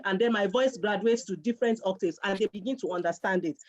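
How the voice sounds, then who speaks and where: A woman's voice: mid-range voice, brisk. A middle-aged woman giving earnest parenting advice in a conversational talk, repeating phrases for emphasis. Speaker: guest speaker on parenting. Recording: dull lo-fi sound.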